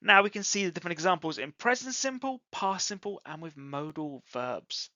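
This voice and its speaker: An English teacher giving a scripted online grammar lesson, deliberately acting out example sentences with exaggerated rising and falling intonation. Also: medium pitch, expressive, sharp tone, no room sound. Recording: dull lo-fi audio, dry close sound.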